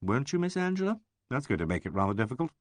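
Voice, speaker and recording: A man voicing a dry, ironic gentleman detective in an audiobook. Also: medium pitch, sing-song, fast talker, no room sound, voice pushed up, close to an everyday voice.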